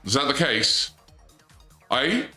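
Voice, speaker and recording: A male game streamer with a bright, forceful tone, joking around with his chat in a loose, goofy way. His voice rings in an echoey room, and game music runs quietly underneath. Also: mid-range voice, slow pace. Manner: goofy, joking with chat, voice jumps up when excited. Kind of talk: casual let's-play commentary.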